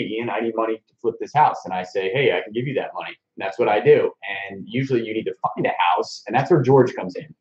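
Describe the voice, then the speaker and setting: Brief: laid-back male host, lowish voice, echoey room, dull muffled stream. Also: a little mellow. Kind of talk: casual webcast chat. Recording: roomy, dull webcast audio.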